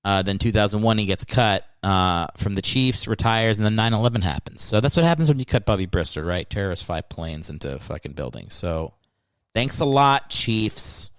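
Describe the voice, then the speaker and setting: A man's voice: fairly low pitch, expressive, normal speed, smooth, dry recording. A man hosting a solo comedy podcast, riffing sarcastically with plenty of swearing. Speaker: podcast host.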